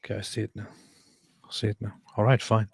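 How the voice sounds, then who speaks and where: A man's voice: lowish voice, flat delivery, quick pace, creaky, darkish tone, slight background noise. A man hosting a casual live stream, reading out viewer comments with dry quips. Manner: reads chat comments aloud, dry quips. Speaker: host.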